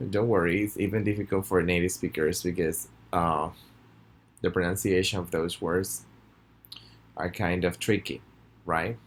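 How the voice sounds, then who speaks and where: Deep-voiced man teaching pronunciation. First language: Spanish. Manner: friendly, repeats words slowly for students to echo. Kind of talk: recorded video lesson.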